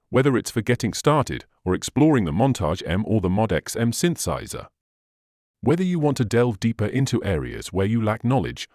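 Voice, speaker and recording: Male tutorial host, low and lively pitch, dry close sound, patient step-by-step explainer. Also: no room sound. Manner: patient step-by-step explaining, slightly non-native phrasing. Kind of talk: instructional screen walkthrough.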